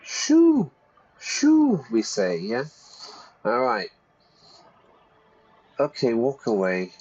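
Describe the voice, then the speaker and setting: A man's voice: on the low side, slow, highs cut off. British or irish guy teaching english over a game, reads lines out and chats. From Britain or Ireland. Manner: reads game text aloud, explains English. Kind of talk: teaching while playing.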